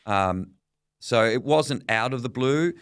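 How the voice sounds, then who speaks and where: A middle-aged Australian journalist, a man, telling a lively anecdote in an interview and acting out the people he quotes. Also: medium pitch, slow pace, clear, resonant tone, dry recording, studio quality. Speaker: veteran journalist guest. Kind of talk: storytelling interview.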